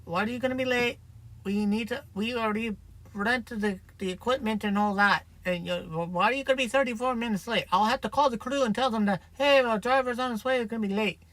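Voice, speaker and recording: Guy putting on a bossy impatient lady on the phone, higher voice, firing off questions, bright edgy sound. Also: dry recording. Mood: scolding. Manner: scolding, rapid-fire questions. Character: impatient demanding woman on the phone.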